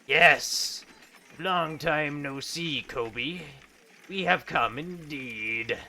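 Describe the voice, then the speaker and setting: A man voicing a solemn male adventurer who speaks slowly and gravely. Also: a little high, pushed and bright, full character voice. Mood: cold. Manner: slow, measured, grave.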